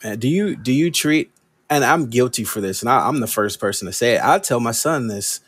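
A man's voice: mid-range voice, expressive, fairly quick, slightly rough, dry recording. A man in his thirties from Los Angeles chatting casually as a podcast co-host, candid and confessional, often saying "man". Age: 30s. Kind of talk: casual chat.

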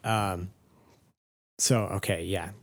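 Low-voiced man telling a rambling story. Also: steady tone, slow. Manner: self-deprecating, swears freely, rambling asides. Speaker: podcast host telling a story. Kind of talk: casual storytelling chat.

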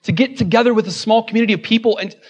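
A man's voice: high voice, rapid-fire, dull audio. A man preaching a sermon as a pastor in a church, mixing joking asides with impassioned, repeated refrains.

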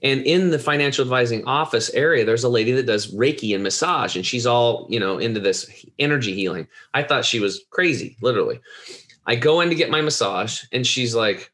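A man recounts a personal experience in a casual, heartfelt way. His voice sits at an ordinary middle pitch. He rambles, doubles back and repeats words as the thoughts come. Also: lively intonation, brisk, fairly bright tone. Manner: earnest, rambling with restarts. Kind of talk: casual storytelling.

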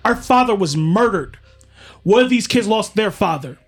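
A male player with a high-pitched voice who presses hard and sounds intense and confrontational. Faint music plays behind him. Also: lively intonation, moderate pace. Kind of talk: in-character tabletop role-play.

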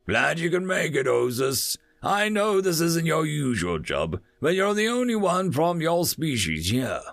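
A man's voice: on the high side, very animated, gravelly, fairly bright tone, no echo, studio quality, faint music behind, voice pushed up, exaggerated voice. A man doing a commanding army sergeant. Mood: brisk. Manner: brisk, commanding, urgent. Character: urgent tough male soldier sergeant.

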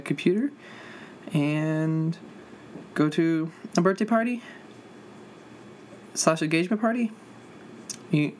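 A young adult podcast host chatting alone at home in a mid-pitched voice. The talk drifts and sags, full of fillers and tired sighs, with faint noise behind. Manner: rambling and low-energy, full of fillers and sighs. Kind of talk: casual solo podcast chat. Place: at home with a cat.

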